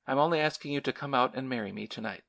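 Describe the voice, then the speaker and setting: A stern, determined young veteran, read by a male narrator in a storybook reading speaks in short, commanding lines. The voice sits at a middle pitch with a gravelly rasp. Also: fast, a bit bright.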